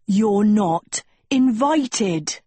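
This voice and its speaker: A woman's voice: medium pitch, lively intonation, drawn-out words, warm tone, husky, dry recording, exaggerated voice. A woman voicing a blunt, impatient young girl who explains things with exasperation. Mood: exasperated.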